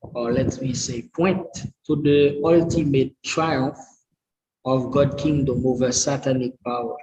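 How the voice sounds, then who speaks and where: A man studying to preach, reading his notes aloud and sounding out hard words slowly and carefully, with English not his first language. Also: mid-range voice, fairly even intonation, a little mellow, highs cut off. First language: a language other than English. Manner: slow and careful, sounds out and repeats difficult words. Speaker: preaching student.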